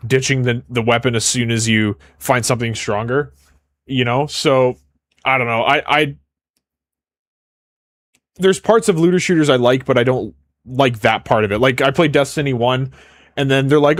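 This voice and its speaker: A man's voice: medium pitch, no echo. Young Canadian male streamer, casual and rambling, dry close mic. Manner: casual, rambling, quick to joke. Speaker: game dev streamer. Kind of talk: live coding stream chat.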